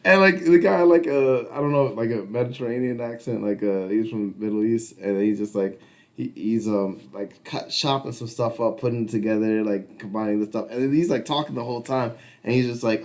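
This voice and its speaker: A man's voice: medium pitch, moderate pace. A man co-hosting a podcast in casual chat, telling stories in a rambling way and laughing often. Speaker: podcast co-host.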